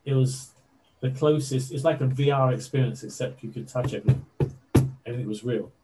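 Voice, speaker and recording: A man being interviewed, telling a story in a casual, animated way with lots of fillers. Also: mid-range voice, a little fast, loud music behind the voice, low-quality recording. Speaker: interview guest.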